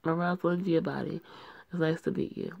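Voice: mid-range voice, fairly even intonation, fairly quick, vocal fry, a little mellow, no echo, lo-fi sound. A reader voicing a guarded, snappy young woman, the daughter of a mafia boss. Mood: defensive.

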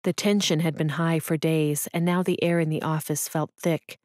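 Brief: woman audiobook narrator, calm and even, lowish voice, very dry close recording. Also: moderate pace, no room sound. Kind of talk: scripted narration.

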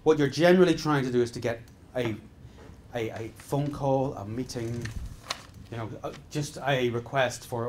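A man's voice: medium pitch, normal speed, darkish tone, slight background noise. A middle-aged man leading a business seminar, speaking emphatically in repeated exhortations with frequent restarts. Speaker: business trainer. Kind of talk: live seminar talk.

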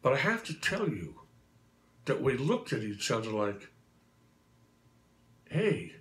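A man's voice: medium pitch, very animated, moderate pace, a bit bright. A man in his sixties, a tribute performer, telling stories to the camera in a casual, chatty way. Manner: chatty anecdotal, acts out quotes.

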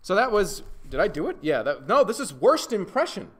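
A man's voice: sits high, very animated, brisk, fairly bright tone. A man in his thirties hosting an awards show on a live stream, talking casually with stammers, restarts and jokes.

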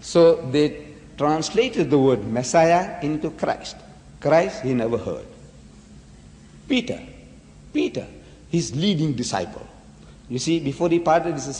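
A man's voice: fairly high pitch, expressive, measured pace, darkish tone, slight background noise. A man giving a dramatic religious lecture full of rhetorical questions. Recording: echoey hall.

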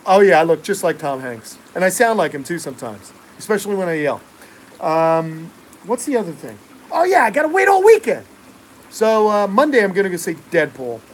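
Male host, middle-aged, New York accent, slightly high voice, loose chatty live-chat delivery, faint outdoor noise. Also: brisk, rough recording. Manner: relaxed, chatty, many uh fillers, jokey asides. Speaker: reptile keeper and channel host answering live chat. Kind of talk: casual live-stream chat.

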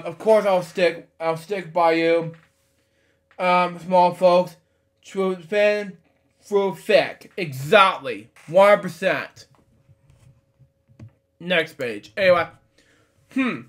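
A man's voice: sits high, fairly bright tone. A man reading a children's storybook aloud at home, stumbling over words and breaking off into blunt, irreverent asides. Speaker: storybook reader. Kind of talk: casual read-aloud with commentary. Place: home at night.

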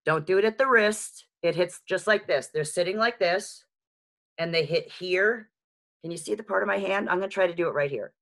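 A woman with a heavy New York accent teaching a beginner sign language lesson on a video call, chatty and frank with joking asides. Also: on the low side. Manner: lively, chatty and frank, with quick asides and self-mocking jokes. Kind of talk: live online lesson. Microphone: video call microphone.

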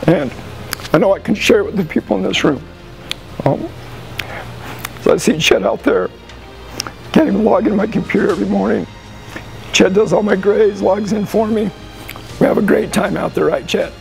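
An American football coach speaking emotionally at a team banquet, halting and pausing as he addresses the room. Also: high voice, creaky, a little mellow, soft background music, low-quality recording. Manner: halting, emotional, with frequent pauses and restarts. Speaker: high school football coach.

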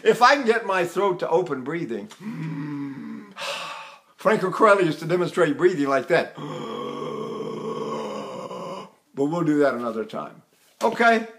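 A man's voice: on the high side, a little fast. An older man teaching singing, talking casually and breaking into sung vowels and scales to demonstrate. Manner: animated, conversational, mocks bad technique with exaggerated sounds.

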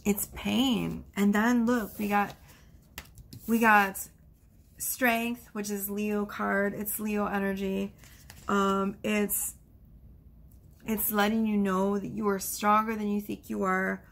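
A woman's voice: mid-range voice, flat delivery, takes it slowly, gravelly. A woman giving a casual tarot card reading, chatty and reassuring, with frequent exclamations. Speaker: tarot reader.

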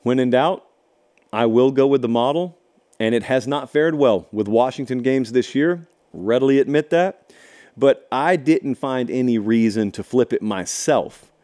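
A middle-aged man hosts a college football show and talks through a matchup on his own. He is emphatic and animated, and he slips in dry, sarcastic asides. His voice sits at an ordinary pitch. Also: a little slow. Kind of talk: solo sports analysis talk.

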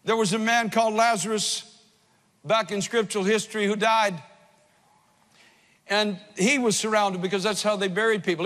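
A pastor preaching an impassioned sermon that swells from hushed to loud. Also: male voice, high-pitched, in a large hall.

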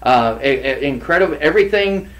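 Brief: middle-aged male co-host, slightly high voice, halting and full of fillers, casual movie talk. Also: animated, a bit bright, poor audio. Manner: hesitant, many fillers and restarts. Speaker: podcast co-host. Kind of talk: casual chat about film casting.

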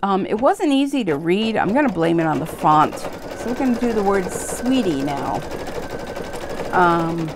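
A tired, yawning woman hosts an embroidery channel from her home sewing room, with a sewing machine running and other background noise. Her mid-range voice swings widely in pitch, and she talks a little slowly. She rambles in a self-deprecating way, full of fillers, as she works.

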